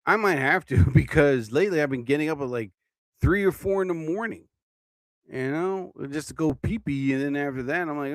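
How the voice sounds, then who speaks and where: A man's voice: fairly high pitch, moderate pace, dry recording. A tired man hosting his own livestream podcast, rambling casually and yawning as he talks. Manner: drowsy, yawning, meandering talk. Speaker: podcast host.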